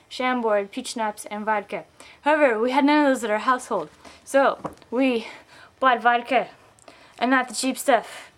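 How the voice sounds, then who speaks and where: Tipsy giggly young woman rambling. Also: a little high. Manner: giggly, rambling, full of fillers. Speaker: vlogger. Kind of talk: casual rambling vlog rant.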